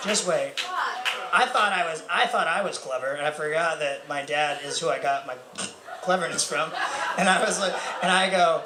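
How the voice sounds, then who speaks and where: Onstage at a bar or club, a young man delivers a rambling stand-up routine packed with profanity, self-deprecation, fillers, and laughter. His voice sits on the high side and moves at a normal speed. Crowd noise fills the echoey room.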